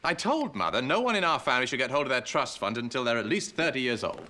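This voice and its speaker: A man's voice: mid-range voice, big pitch swings, fast, bright, forceful tone, a little hiss or hum. An actor playing a formal, fussy, wealthy father. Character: stiff, proper wealthy father.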